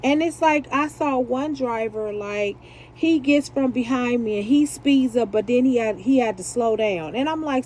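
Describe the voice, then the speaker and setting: A woman's voice: a little high, normal speed, darkish tone, a little hiss or hum, poor audio. A woman chatting casually while she makes beaded jewelry and laughs at herself. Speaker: jewelry maker. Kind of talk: casual chat while beading.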